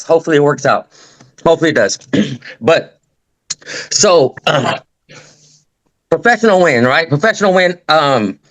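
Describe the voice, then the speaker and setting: A man's voice: a little high, a bit bright, poor audio. Slangy, rambling man telling stories. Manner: rambling, slangy, acts out the people in his stories. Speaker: new real estate agent. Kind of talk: casual storytelling on a group call.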